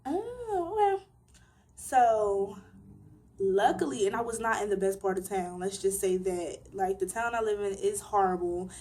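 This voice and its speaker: Young woman, casual storytime vlog, animated emphatic delivery, everyday pitch. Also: fairly quick, hardly any pauses. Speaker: vlogger.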